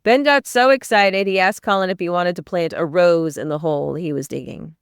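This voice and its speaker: A woman's voice: on the low side, brisk, smooth, no room sound, clean studio sound. A woman hosting a podcast, giving a chapter-by-chapter book summary in plain storytelling with brief asides. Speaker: podcast host summarizing a novel.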